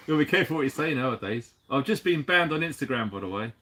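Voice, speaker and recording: This is a man from the UK hosting a casual livestream, greeting viewers in a relaxed, chatty way. His pitch sits in the middle of the range, and he jokes around and laughs often, sprinkling in casual slang. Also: fast talker, a little hiss or hum. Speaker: livestream host.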